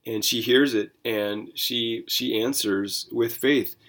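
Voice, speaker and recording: Speaking at a slow pace in a mid-range voice, a male pastor walks listeners through scripture on his Bible reading podcast. He keeps it conversational and animated, tossing out rhetorical questions.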